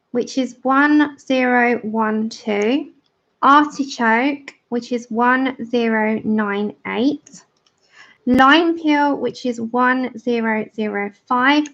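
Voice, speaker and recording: A woman's voice: on the high side, a bit bright. A woman hosting a colouring livestream, chatting casually and explaining each step as she works. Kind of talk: casual tutorial chat while colouring. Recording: dull lo-fi livestream audio.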